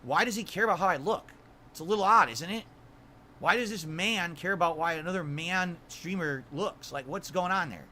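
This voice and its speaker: High, bright-voiced defensive man. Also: normal speed, slight background noise. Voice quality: high-pitched voice. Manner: defensive, rhetorical questions. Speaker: streamer in a played clip. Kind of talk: defensive monologue to camera.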